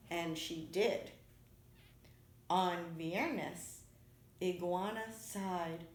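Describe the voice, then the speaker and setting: A woman narrating a children's picture book aloud, with gentle, measured narration. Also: medium pitch. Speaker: storyteller. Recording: echoey room.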